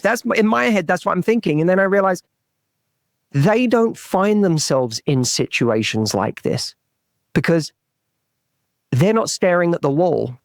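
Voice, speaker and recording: A man speaks in a slightly higher register, earnest and searching as he tells a story, often stumbling and restarting mid-sentence. The sound is close and dry, with almost no room around it. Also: dry recording. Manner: earnest, restarts and repeats words while telling a story. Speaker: relationship coach, podcast guest. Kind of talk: storytelling in a podcast interview.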